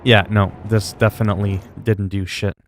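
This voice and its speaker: A man's voice: lowish voice, little pitch movement, moderate pace, a little hiss or hum. A male streamer chatting casually while playing a game, laid-back and rambling, with plenty of swearing. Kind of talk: casual gaming livestream chat.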